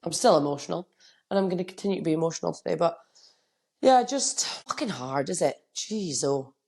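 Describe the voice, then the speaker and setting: A middle-aged woman talks straight into a podcast microphone, candid and motivational, her voice slipping into low gravelly fry. She has a cold that roughens her delivery, and her pitch sits on the low side. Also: lively intonation, brisk, darkish tone. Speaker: podcast host and coach. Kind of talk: solo podcast monologue.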